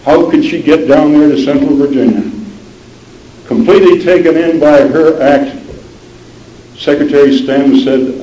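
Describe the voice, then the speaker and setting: A man telling a dramatic historical story in a measured way, often dropping low and soft for emphasis. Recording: roomy, dull lo-fi sound with faint noise.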